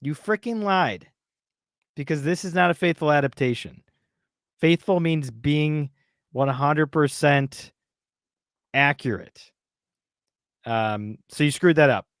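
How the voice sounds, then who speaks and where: A man's voice: on the high side, takes it slowly, pauses often, no room sound. Ranting man on a dry podcast mic. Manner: heated, ranting, exasperated. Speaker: podcast co-host. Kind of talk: casual podcast commentary.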